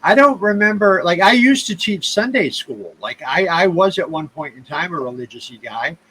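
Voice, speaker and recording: A man's voice: high voice, lively intonation, normal speed, sharp tone, slightly rough, rough recording. A man hosting a casual interview podcast, talking bluntly and heatedly with plenty of swearing. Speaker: podcast host.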